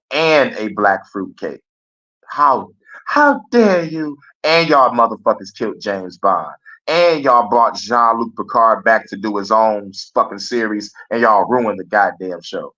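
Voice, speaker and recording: A man's voice: fairly low pitch, normal speed, bright, forceful tone. A man hosting a live stream, rambling in a casual, profane monologue and laughing often. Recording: dull lo-fi stream audio.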